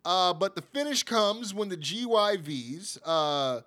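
A podcast host, a man with a voice on the higher side, recaps the week's wrestling in a loose, chatty way. He stacks up fillers and often breaks into laughter at his own jokes. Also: expressive, slow pace, fairly bright tone. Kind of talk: casual wrestling show recap.

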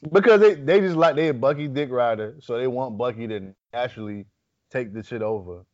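A man's voice: medium pitch, a little fast, a little mellow, dry recording. A man co-hosting a casual podcast, telling stories animatedly and swearing freely. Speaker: podcast co-host. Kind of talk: casual chat. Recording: dull lo-fi podcast audio.

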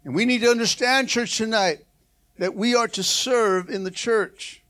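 A man preaching a sermon to his church as pastor, lively, with repeated calls of come on and hallelujah. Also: sits high, normal speed.

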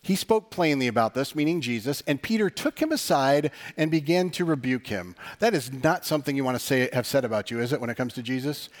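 A man's voice: medium pitch, animated, a little fast, hardly any pauses. A man preaching a sermon as pastor, talking conversationally, asking the audience rhetorical questions and using dry sarcastic humor.

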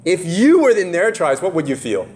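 Lively male preacher, fairly high voice. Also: moderate pace. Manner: animated, voices the characters in the story; casual, many fillers and laughs. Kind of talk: sermon.

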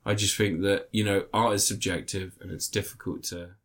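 A man co-hosting a casual podcast about films, talking in a sweary, animated way and often laughing. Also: sits low, normal speed. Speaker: podcast co-host. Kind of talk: casual film review chat.

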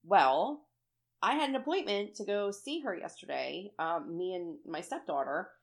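Animated woman telling a story. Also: fairly low pitch, a little slow, creaky. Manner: animated storytelling, acts out her own quotes, swears freely. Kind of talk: casual chat.

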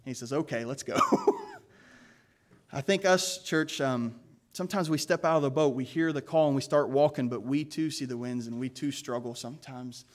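A man's voice: mid-range voice, wildly swooping pitch, normal speed. A man preaching a sermon as pastor, earnest and emphatic, with casual asides to the congregation.

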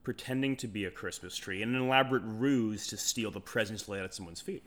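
A man's voice: fairly low pitch, fast talker, fairly bright tone. A man co-hosting a podcast in casual chat, rambling and swearing freely. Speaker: podcast co-host.

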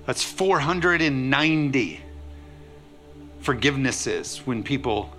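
In a church, a male pastor delivers a sermon to his congregation, preaching with energy and a conversational style full of playful asides. His voice sits in the mid-range, he takes his time, and soft music plays in the background.

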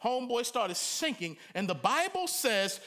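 A middle-aged man preaching a sermon in a colloquial, animated way, breaking into loud cries and acted-out quotes. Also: extremely high pitch, moderate pace. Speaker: pastor.

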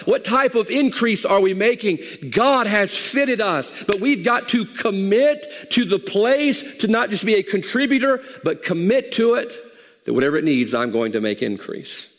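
A man's voice: high voice, in a large hall. A man preaching a sermon as pastor in a folksy, conversational way, in a church sanctuary.

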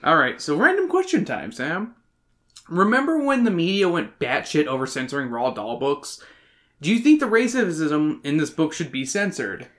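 A man with a slightly higher voice than most men chats on a book podcast. He talks in a loose, animated way and swears freely. His tone stays casual throughout. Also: moderate pace. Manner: animated and profane, reads aloud dramatically. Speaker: podcast co-host. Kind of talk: casual chat.

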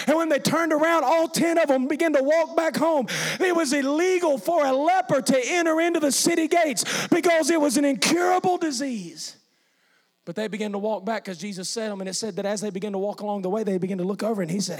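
A pastor in full sermon, a man with a strikingly high and husky voice. He tells stories quietly, then builds to shouted praise before his congregation. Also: fast talker. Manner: preaching that swells from hushed storytelling to shouted praise.

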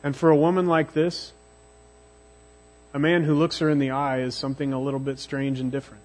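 A man's voice: on the high side, little pitch movement, darkish tone. Man preaching in a dramatic storytelling voice. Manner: dramatic storytelling, with emphatic slowed phrases. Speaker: youth pastor. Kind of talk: sermon.

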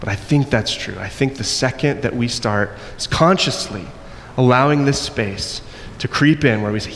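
A man preaching a sermon, acting out the quoted voices and moving between loud and soft passages. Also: medium pitch, normal speed, few pauses. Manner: acts out quoted voices, varies loudness widely. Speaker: pastor. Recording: long echo in a hall, faint noise.

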